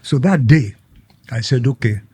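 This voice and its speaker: A man's voice: medium pitch, moderate pace, husky. An older man from Nigeria with a Nigerian accent, a podcast guest telling stories, acting out quotes and laughing often. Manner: animated anecdotes, acts out quotes, laughs often. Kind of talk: casual storytelling interview.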